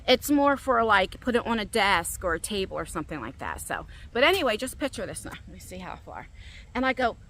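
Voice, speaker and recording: A middle-aged woman vlogging as she walks in a park, telling a story casually and acting out her own lines with big leaps in pitch, recorded on a phone. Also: a little fast. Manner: animated, quotes herself with big jumps in pitch. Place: outdoors in a park, walking. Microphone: phone on a selfie stick.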